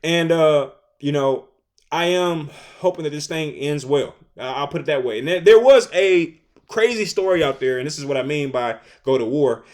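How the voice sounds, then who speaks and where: Guy in his 30s talking his mind, kinda high voice, lots of slang and repeats. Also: moderate pace. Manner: animated, repetitive, conversational with slang. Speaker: commentary host. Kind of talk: casual opinion commentary.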